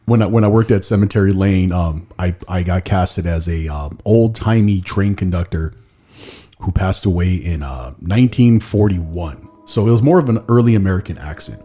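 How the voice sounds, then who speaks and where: A man's voice: deep voice, normal speed, warm tone, soft background music. A man hosting a podcast in casual chat, rambling and laughing at himself. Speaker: podcast host.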